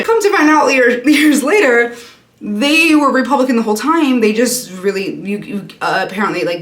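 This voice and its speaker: A woman's voice: on the low side, fairly bright tone. A young woman telling a personal story in a casual get-ready-with-me vlog, chatty and swearing freely. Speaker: vlogger. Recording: echoey room.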